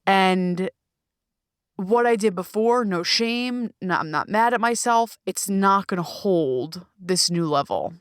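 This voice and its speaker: Speaking slowly in a clean, mid-range voice, a woman hosts her own podcast and coaching show, talking alone from a small closet. The solo monologue is candid, emphatic and expressive, with plenty of swearing. The recording is dry with clean studio sound.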